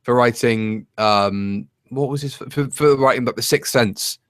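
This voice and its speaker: A man's voice: mid-range voice, unhurried, fairly bright tone, clean tone, no room sound. A man co-hosting a casual review chat, ranting in an exasperated, sarcastic way. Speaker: co-host.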